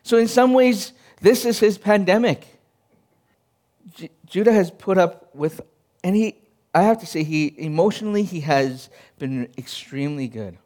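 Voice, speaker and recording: Male pastor, thirties, high-pitched, earnest conversational sermon delivery. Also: lively intonation, unhurried, darkish tone. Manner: earnest, personal storytelling with frequent restarts.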